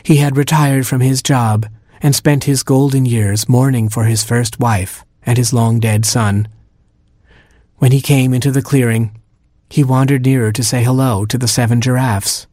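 A man narrating a children's storybook in a measured, gently humorous way. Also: medium pitch, no echo, clean studio sound. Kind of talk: storybook reading.

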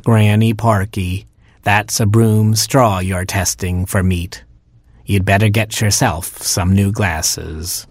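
A lazy, sly slug, as a man voices him, drawling each word slowly in a low, husky voice. Close and dry, like a storybook read at home. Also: steady tone, no room sound.

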